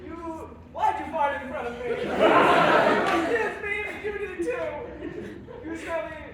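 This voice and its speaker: A young woman performing live improv comedy, teasing her partner with silly shouted insults and giggling. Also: high voice, expressive, normal speed, over a noisy crowd, very noisy. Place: small campus theater stage. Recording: echoey theater, mic from a distance, loud audience. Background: loud audience laughter.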